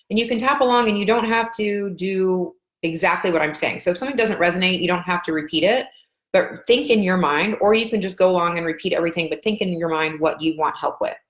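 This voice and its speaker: A woman coaching a live group through a tapping session, gently encouraging them and often pausing with ums. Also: lowish voice, echoey room. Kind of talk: guided tapping session over video call.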